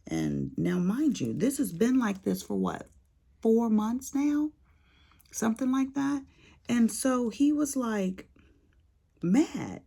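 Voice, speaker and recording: An older woman vlogging to her viewers, telling a story in a folksy, animated way. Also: on the high side, slow, gravelly, long pauses, breathy edge. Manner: animated storyteller, folksy Southern-style talk. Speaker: crafting vlogger. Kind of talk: casual chat to viewers.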